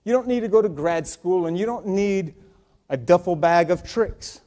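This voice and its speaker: A man giving an earnest storytelling talk to an audience, swinging between loud passages and hushed ones. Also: sits high, moderate pace. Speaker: public speaker.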